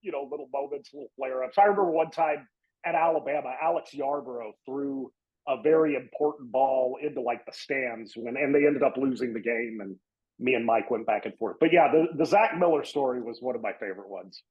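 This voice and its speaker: A man, a regular guest on a sports podcast, telling an anecdote in an animated way, laughing and restarting often. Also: mid-range voice, brisk. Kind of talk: casual podcast storytelling. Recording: muffled, lo-fi audio.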